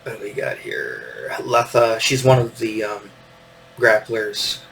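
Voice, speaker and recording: A man's voice: fairly low pitch, very animated, slow pace, creaky, fairly bright tone, far from the mic, a little hiss or hum, low-quality recording. A man in his fifties hosting a casual show-and-tell, meandering with lots of fillers and little chuckles. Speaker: podcast host.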